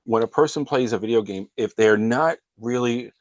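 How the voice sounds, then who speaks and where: A man's voice: mid-range voice, moderate pace, no room sound. A man hosting a show, earnestly retelling a counseling client's story. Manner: earnest storytelling, frequently breaking into quoted dialogue.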